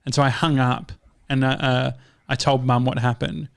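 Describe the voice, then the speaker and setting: A man's voice: mid-range voice, little pitch movement, normal speed, gravelly, no room sound, clean studio sound. An Australian man co-hosting a podcast, telling rambling stories in casual chat with plenty of fillers. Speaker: podcast co-host.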